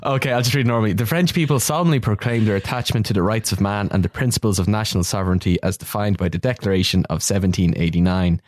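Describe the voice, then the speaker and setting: A man's voice: on the low side, fast talker, few pauses, darkish tone, no room sound. A man co-hosting a podcast, joking and teasing in casual chat. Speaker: podcast co-host.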